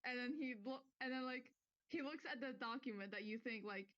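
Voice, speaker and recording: A woman's voice: sits high, fairly quick, fairly bright tone, no echo, dull audio. A woman narrating a tabletop role-play game as game master, laughing often as she goes.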